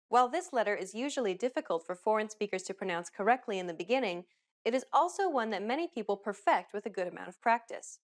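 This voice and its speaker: A woman hosting a pronunciation lesson, giving upbeat, clearly enunciated scripted instructions. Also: medium pitch. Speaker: language teacher host.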